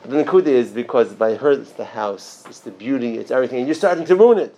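Teaching a casual religious class, a man talks fast with lively intonation. His delivery is chatty, full of restarts and side remarks, and he raises his pitch and volume sharply for emphasis.

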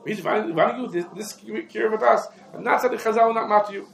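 A man teaching a lecture on Jewish law, explaining rapidly and peppering his English with Hebrew legal terms. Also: high-pitched, vocal fry. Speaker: rabbi teaching a class. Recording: echoey room.

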